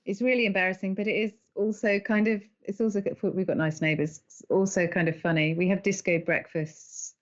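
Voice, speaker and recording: Animated woman telling stories. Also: medium pitch, a little fast, few pauses, dull audio. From England. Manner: animated storyteller, laughs often. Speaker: podcast guest. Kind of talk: conversational interview.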